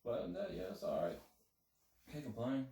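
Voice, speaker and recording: A man's voice: medium pitch, very animated, moderate pace, warm tone, slight background noise. A man co-hosting a casual podcast, talking in a laid-back, slangy way. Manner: laid-back, slangy, acts out quoted relatives. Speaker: podcast co-host. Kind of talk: casual chat. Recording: echoey room, distant mic.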